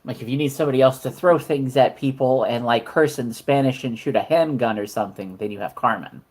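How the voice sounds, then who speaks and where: A man's voice: mid-range voice, a little fast, a little mellow, low-quality recording. Guy running a tabletop game, rambly, says like a lot. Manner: rambling, heavy use of fillers. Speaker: game master.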